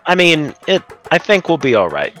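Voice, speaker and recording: A man's voice: on the high side, huge pitch swings, normal speed, a bit bright, faint music behind. A man playing a tabletop role-playing game, chatting casually with other players.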